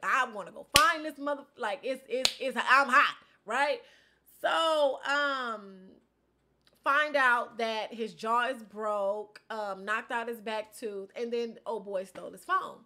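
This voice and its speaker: Young woman vlogger, high and bright, animated casual storyteller with slangy outbursts. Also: slow pace. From Inglewood, California. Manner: animated and expressive, slangy, switches between loud outbursts and low asides. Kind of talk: casual life-update storytelling.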